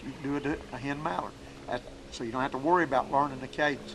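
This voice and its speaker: A man's voice: mid-range voice, fairly even intonation, rapid-fire, fairly bright tone, a little hiss or hum, low-quality recording. A man teaching duck calling outdoors in a folksy, plainspoken way. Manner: folksy, plainspoken, demonstrating calls. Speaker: duck call instructor. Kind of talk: outdoor hunting call lesson. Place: woods outdoors.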